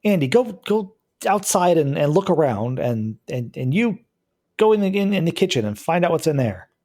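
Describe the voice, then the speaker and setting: A man's voice: on the high side, big pitch swings, normal speed, dark tone, pitched above the performer's own voice. A man voicing an irritable young woman drug user who complains and bosses others around. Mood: bossy. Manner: bossy, complaining.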